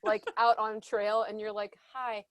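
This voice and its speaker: A woman's voice: on the high side, brisk, a bit bright, no echo, dull audio. A woman co-hosting a podcast, reacting playfully with short exclamations in casual chat. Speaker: podcast co-host.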